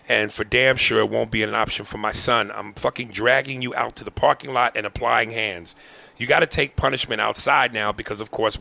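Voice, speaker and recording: A man hosting a podcast, reading a listener's email aloud in a profane, animated way. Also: medium pitch, creaky. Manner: profane, animated, breaks into laughter. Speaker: podcast host.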